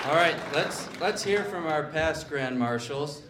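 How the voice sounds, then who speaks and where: Guy running the mic at a party, lively high voice, loud crowd behind. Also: measured pace. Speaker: emcee passing the microphone. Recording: roomy hall with loud crowd noise.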